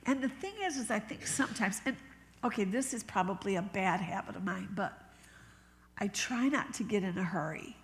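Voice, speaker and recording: A woman bishop preaching a sermon in a conversational, storytelling way, slowing down and dropping to a whisper when she acts out what people said. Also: medium pitch. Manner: laughs easily, talks slowly. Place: church sanctuary. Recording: long reverb of a church hall.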